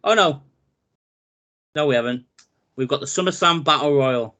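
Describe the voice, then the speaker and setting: A man, co-hosting a casual wrestling chat, running through a match card with animated, jokey asides. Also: a little high, normal speed. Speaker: podcast co-host.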